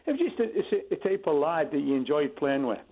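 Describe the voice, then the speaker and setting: A former footballer speaking hesitantly and repeating words in a tribute interview. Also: male voice, a little high, very animated, fairly quick. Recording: phone line.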